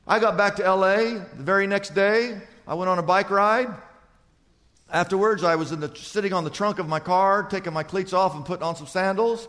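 A man preaching a sermon as a pastor, telling stories in an animated way and swinging from loud to quiet. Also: high-pitched, brisk, long reverb tail.

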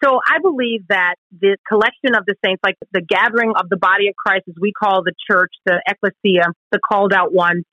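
Woman, Christian radio co-host, earnest, emphatic, bright tone, muffled lo-fi sound. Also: medium pitch, fairly even intonation, brisk, few pauses, no room sound. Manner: earnest, emphatic, acts out quoted questions.

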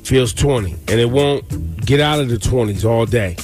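Male morning radio host, playful slangy delivery over a music bed. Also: mid-range voice. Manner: joking, slangy, drawn-out delivery. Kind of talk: casual studio banter.

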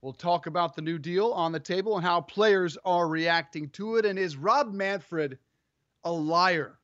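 A man with a notably high voice co-hosts a sports talk show from home, lively and playful. The sound is dry and close, with a dull, lo-fi edge. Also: measured pace, no echo. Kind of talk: casual sports radio chat. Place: home studio.

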